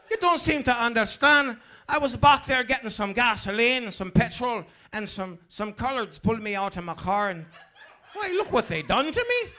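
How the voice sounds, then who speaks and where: A male comedian on stage putting on a folksy, old-fashioned gentleman who fawns and pleads with a police officer. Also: very high-pitched, voice pushed up, full character voice. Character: overly polite genteel man pleading with a cop.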